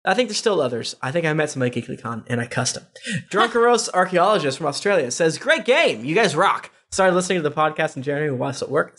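A podcast host with a fairly high voice reads listener reviews aloud. He's casual and relaxed, slipping small joking asides between the quotes.

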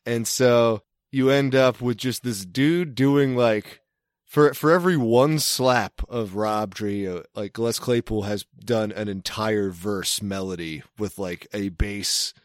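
A man on a podcast rambles in a wry, casual way, stopping and restarting his sentences. His voice sits a little low. It sounds dry and close to the mic. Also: slow pace, no echo. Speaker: podcast co-host. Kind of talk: casual chat.

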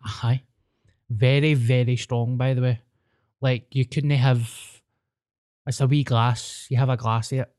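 A man's voice: mid-range voice, little pitch movement, a little slow, pauses often, darkish tone, no room sound, studio quality. A Scottish man chatting on a podcast, telling stories in sweary, laid-back banter. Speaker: podcast co-host. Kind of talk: casual chat.

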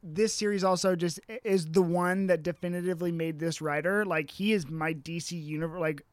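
An enthusiastic man gushes through a casual podcast chat about comics, laughing often. His voice sits high for a man, and the recording is close and dry. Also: fairly even intonation, a little fast, no room sound. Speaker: podcast co-host.

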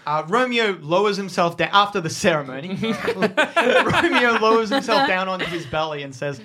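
A man narrating a tabletop game as game master, pausing often and restarting his sentences. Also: high voice, very animated, a crowd in the background. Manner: halting, with fillers and restarts.

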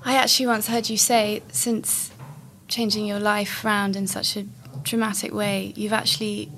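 A woman interviewing a guest, asking gentle, probing questions to clarify what he means. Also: mid-range voice, level tone, normal speed, a little hiss or hum.

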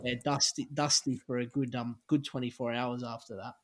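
Brisk and medium-pitched, the Australian former footballer, now middle-aged, tells a lively anecdote in a casual way. He acts out what each person in it said.

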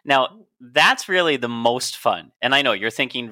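A man's voice: mid-range voice, expressive, moderate pace, few pauses, bright, forceful tone. A man co-hosting a casual podcast, a doctor who explains facts with playful jokes. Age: adult, a doctor. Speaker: podcast co-host.

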